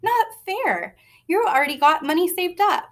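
A woman reads as a ten-year-old boy, an older brother who sulks and snaps back at his sister, pitched a touch high. He sounds defensive and prickly. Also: expressive, normal speed.

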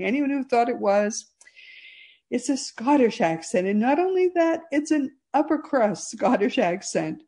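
A woman's voice: fairly high pitch, lively intonation, a little slow, mellow. A woman from Massachusetts with a neutral American accent, hosting a radio talk show with enthusiastic, chatty delivery. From Massachusetts, USA. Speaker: host.

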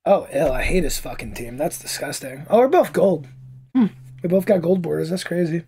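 A man's voice: a little high, lively intonation, moderate pace, gravelly, mellow, slightly rough. A man giving casual, profane gameplay commentary as a streamer, trash-talking and easily annoyed. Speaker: gaming streamer.

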